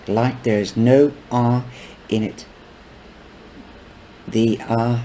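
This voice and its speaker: Man, book reading, slow pace, mellow dark tone, unhurried with small slips. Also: mid-range voice, slight background noise, poor audio. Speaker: book reader. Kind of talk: reading a novel aloud.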